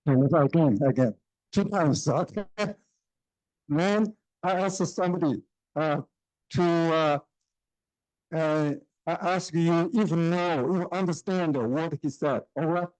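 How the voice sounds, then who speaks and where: Slow, hesitant male professor. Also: fairly high pitch, darkish tone, no room sound, rough recording. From China. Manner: hesitant, many fillers, checks in with the audience. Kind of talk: university lecture. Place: lecture room.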